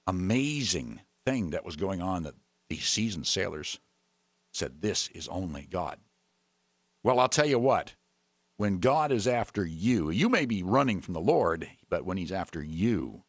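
A man preaching a sermon, retelling a story with lively voices for its characters. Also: fairly low pitch, no echo, studio quality.

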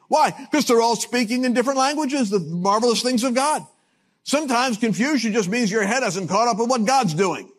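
High-voiced animated preacher man. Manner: animated, jokey, swings loud and hushed. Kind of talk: sermon with storytelling.

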